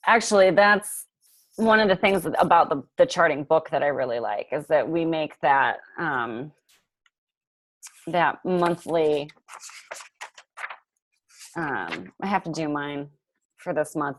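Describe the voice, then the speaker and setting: Woman coach, casual chat, lower voice, dry close sound, lots of fillers. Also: no echo. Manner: chatty, laughs often, lots of fillers. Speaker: coach hosting a group call.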